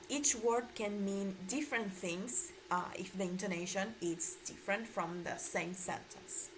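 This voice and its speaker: A woman's voice: medium pitch, slight background noise, rough recording. A woman student giving a class presentation on linguistics, explaining with frequent hesitations.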